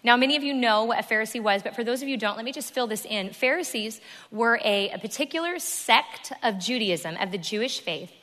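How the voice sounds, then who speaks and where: A woman's voice: on the high side, expressive, brisk, a bit bright. A woman preacher delivering a sermon to a congregation, emphatic and repeating key phrases. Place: church hall. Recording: long reverb of a large room.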